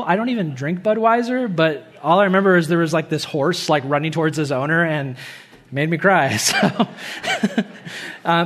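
A man in his thirties preaching in a relaxed, chatty way, his voice sitting a bit higher than most men's. He laughs easily between thoughts and goes soft and hushed when the point turns tender. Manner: conversational, laughs often, drops soft and quiet at tender moments. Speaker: pastor. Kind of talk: casual sermon.

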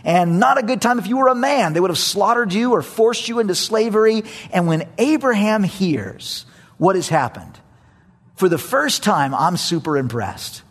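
A man preaching a sermon, telling a story with animated energy and repeating phrases for emphasis. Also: high voice, normal speed, slightly rough.

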